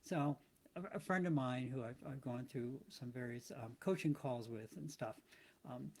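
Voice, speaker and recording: A man's voice: mid-range voice, normal speed. A man hosting a motivational talk, thinking aloud in a casual, reflective monologue full of restarts. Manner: thoughtful, rambling, with frequent restarts. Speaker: motivational podcast host.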